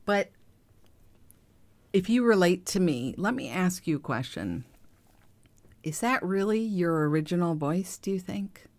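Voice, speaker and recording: A middle-aged woman hosting a podcast, speaking in a gentle, confiding way that often drops to a soft hush. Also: on the low side, lively intonation, unhurried, long pauses. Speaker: podcast host. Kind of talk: reflective monologue.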